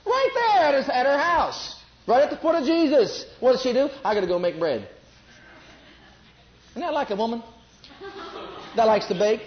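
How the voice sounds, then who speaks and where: A man's voice: very high-pitched, expressive, moderate pace, reverberant, a little hiss or hum. A male preacher giving a sermon, repeating phrases and putting questions to the congregation. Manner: repetitive, asks the congregation questions. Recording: slightly muffled lo-fi recording.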